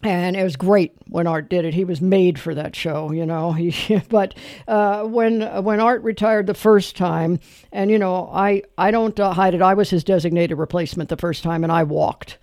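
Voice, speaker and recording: A man's voice: high-pitched, fairly even intonation, moderate pace, a little mellow, no room sound, clean studio sound. A middle-aged man hosting a late-night call-in radio show, talking candidly and rambling with many fillers and restarts. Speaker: radio talk show host.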